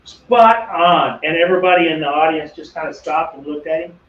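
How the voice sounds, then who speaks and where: A man's voice: a little high, normal speed, a loud crowd. A middle-aged man hosting a woodworking video, chatting casually and telling rambling, self-deprecating stories while he works. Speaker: woodworking channel host. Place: home workshop. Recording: distant, echoey, dull workshop audio with faint hum.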